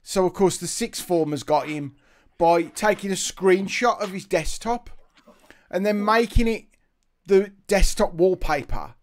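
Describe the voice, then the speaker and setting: Male co-host, storyteller type, animated and giggly. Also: high voice, unhurried. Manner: animated, laughing anecdote-teller who acts out quotes. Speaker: podcast co-host. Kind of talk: casual storytelling chat.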